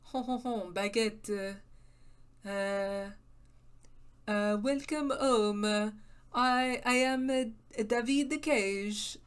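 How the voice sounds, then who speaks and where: A woman's voice: fairly high pitch, very slow, clean tone. A woman voicing a comically fake French-Italian man who halts and gets stuck on filler phrases. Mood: mock-pompous.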